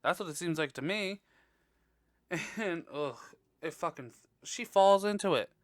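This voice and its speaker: A man hosting a podcast and reviewing a movie in casual chat, blunt, profane and gossipy, with sudden high exclamations. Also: unhurried, no echo. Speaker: podcast host.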